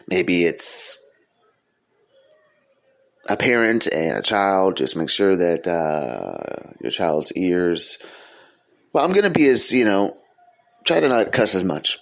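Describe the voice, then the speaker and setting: A man's voice: deep voice, sing-song, takes it slowly, vocal fry, pauses often. A man hosting his own podcast, talking earnestly in a loose, casual way with frequent "um" fillers. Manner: earnest, sincere delivery. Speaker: podcast host. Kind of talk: casual solo podcast monologue.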